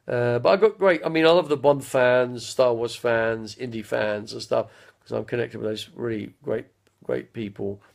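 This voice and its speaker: A man's voice: mid-range voice, normal speed, vocal fry. A man, chatting live from home to his viewers, drifting from one anecdote to the next. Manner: chatty, drifting between anecdotes, bursts into impressions and song. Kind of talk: rambling live-stream chat.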